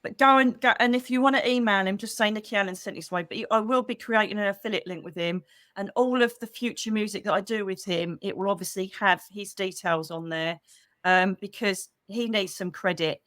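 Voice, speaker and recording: A middle-aged woman with a British accent, a psychic medium hosting a casual livestream for members, chatty and animated with quick asides, speaking into a computer mic. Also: medium pitch, no echo, studio quality. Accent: British English. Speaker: psychic medium and channel host.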